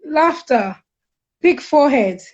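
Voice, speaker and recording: A woman's voice: high voice, dull audio. A middle-aged woman, speaking candidly as a guest counsellor and acting out quotes in her stories. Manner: animated, frank, quick to act out quotes. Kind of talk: candid conversational storytelling.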